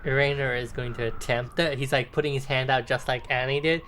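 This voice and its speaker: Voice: medium pitch, steady tone, brisk, few pauses, a bit bright, slight background noise. A player in a tabletop role-playing game, narrating their character's moves. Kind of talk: casual tabletop play.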